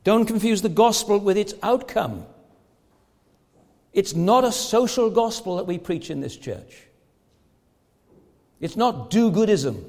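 Male pastor, high voice, emphatic sermon delivery with rhetorical questions, church reverb. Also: expressive, unhurried, darkish tone.

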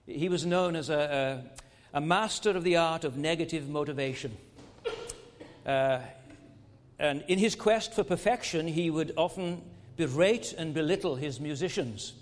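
A man's voice: on the high side, big-room sound. A man preaching a sermon with emphatic delivery, rising and falling and asking his listeners many rhetorical questions.

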